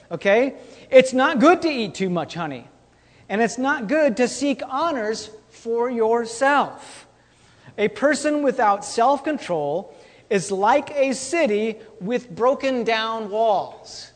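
A man's voice: very high-pitched, lively intonation, slow. A man preaching a casual sermon as a pastor. He talks conversationally, repeats his key lines and keeps checking in with "okay?" and "all right?". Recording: long reverb of a church hall.

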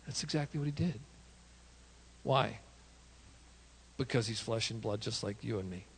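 A man, a pastor, preaching an animated sermon with self-deprecating asides and sudden shouted prayers. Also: lowish voice, normal speed, creaky, slight background noise.

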